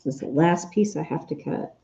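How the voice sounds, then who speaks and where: Low, brisk, and mellow with vocal fry, this woman's voice comes through a muffled recording. An Etsy shop owner, she chats casually on a live stream while sewing at home and responds to viewers by name.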